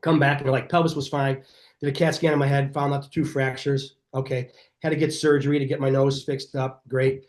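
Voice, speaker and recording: A middle-aged man, a chiropractor being interviewed on a podcast, telling stories in an energetic, animated way and acting out what people said. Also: mid-range voice, fairly quick. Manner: energetic, animated storyteller who acts out quoted dialogue. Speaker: chiropractor guest.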